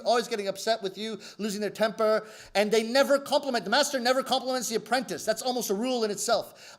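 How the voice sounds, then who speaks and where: A man performing comic storytelling live, animated and theatrical as he speaks to the audience. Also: very high voice. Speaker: rakugo storyteller.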